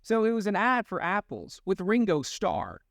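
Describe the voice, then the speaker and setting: A young man co-hosting a podcast in casual chat, animated and laughing often, with quick swings in pitch. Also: creaky, dry recording. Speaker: podcast co-host.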